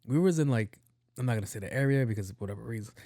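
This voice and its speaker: Profane, animated male podcast storyteller. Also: mid-range voice, rapid-fire, dry recording, clean studio sound. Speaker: podcast host. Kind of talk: casual storytelling monologue.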